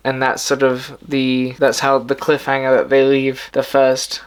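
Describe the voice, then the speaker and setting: A man's voice: mid-range voice, completely flat delivery, a little slow, few pauses, clean tone. A man hosting his own video, casually retelling a story in a rambling way with many filler words and restarts. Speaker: video host.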